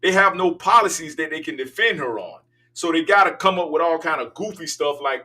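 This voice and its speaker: An older man rants emphatically as he hosts his talk show, his voice bright and pushed. He sounds set back from a distant microphone. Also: fairly high pitch, expressive, a little fast. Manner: emphatic, ranting, preachy. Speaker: political talk show host. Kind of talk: opinionated monologue.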